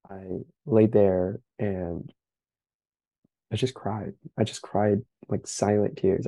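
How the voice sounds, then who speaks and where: Gravelly low-voiced young man, earnest. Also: warm tone, no room sound, rough recording. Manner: earnest, reflective, pauses with fillers. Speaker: interview guest. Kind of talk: candid personal account.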